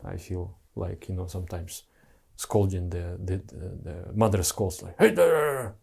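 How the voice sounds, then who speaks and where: A man's voice: low voice, little pitch movement, a little slow, creaky, dark tone, slightly rough. A man who is a spiritual teacher, giving an earnest, heartfelt devotional talk to followers in simple broken English.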